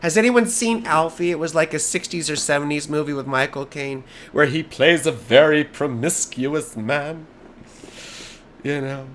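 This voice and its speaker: A hoarse American man doing a live astrology chart reading, rambling and easily sidetracked, with jokey asides. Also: fairly high pitch, unhurried, a bit bright, a little hiss or hum.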